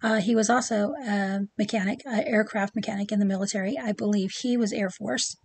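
A woman's voice: mid-range voice, fairly even intonation, fairly quick, husky. A middle-aged woman chatting casually to camera about her pin collection, with many ums and asides.

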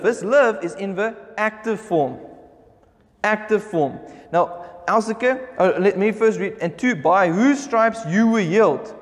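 A man preaching a sermon as pastor, speaking emphatically and slowing right down whenever he reads scripture aloud. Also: sits high, in a large hall. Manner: emphatic preaching, slows down when reading scripture. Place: church hall.

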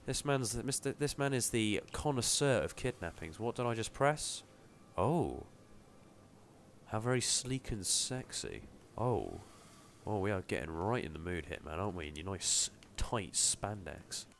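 A man's voice: fairly low pitch, lively intonation, unhurried, gravelly, slight background noise. A young man commenting playfully on a game he plays, joking and exclaiming to himself. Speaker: gamer. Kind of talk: let's play commentary. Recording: game music behind the voice.

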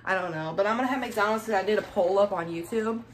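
A woman's voice: mid-range voice, quick pace, slight background noise. A young woman hosting a casual mukbang vlog at home, chatty and hyping her channel, now and then tripping over her words. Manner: chatty, hypes subscribing, trips over words. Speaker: vlogger. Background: child in the background.

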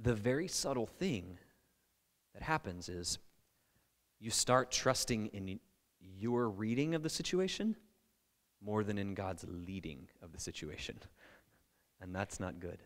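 Lively conversational male pastor preaching. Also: fairly low pitch, long reverb tail. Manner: conversational and animated, with playful asides. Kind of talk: sermon.

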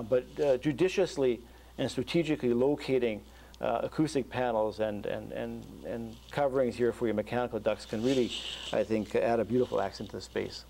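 A man, a structural engineer, giving a university lecture over slides, talking in a halting way with many fillers and restarts. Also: medium pitch, a little mellow, a little hiss or hum. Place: lecture hall.

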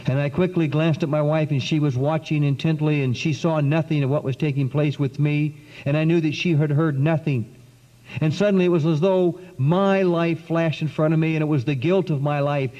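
A man giving an earnest, dramatic spoken testimony to an audience, with long pauses and sudden swings in pitch. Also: warm tone. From South Carolina. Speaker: speaker giving a testimony talk. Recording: dull lo-fi 1990s recording in a long-echo hall.

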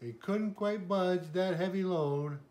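An older man reads a children's picture book aloud at an unhurried, slow pace. His voice is fairly high for a man, and he stops now and then to point out the pictures, gently, as a grandfather would for a child.

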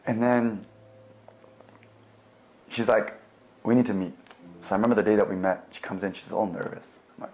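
A young man with a fairly low voice tells his personal faith story in a relaxed way. He talks loosely with plenty of fillers and animates the story by acting out both sides of remembered conversations. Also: fast, pauses often. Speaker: guest sharing his faith testimony.

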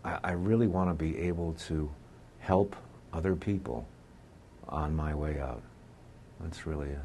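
A very deep-voiced older man talks frankly, a radio talk host being interviewed. He speaks plainly with pauses and the odd filler. Faint noise sits behind him. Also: dark tone. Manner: candid, plainspoken, slow with pauses.

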